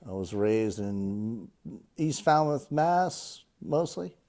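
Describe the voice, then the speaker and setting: A fifty-year-old man with a Boston accent, reading a passage and answering interview questions with many ums and pauses. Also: fairly low pitch, expressive, dark tone. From Cape Cod, Massachusetts. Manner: hesitant, many ums and uhs.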